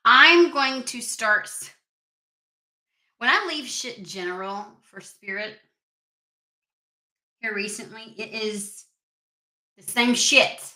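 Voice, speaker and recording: A woman's voice: fairly high pitch, slow, long pauses, pushed and bright, reverberant. A woman hosting a casual tarot reading vlog, chatty and rambling, with allergies. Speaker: tarot reader.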